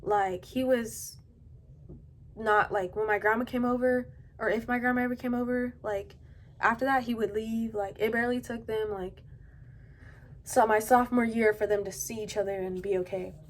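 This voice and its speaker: A young adult woman at home tells a personal story in a halting, casual way, full of fillers. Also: on the high side, fairly even intonation. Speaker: vlogger. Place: at home indoors.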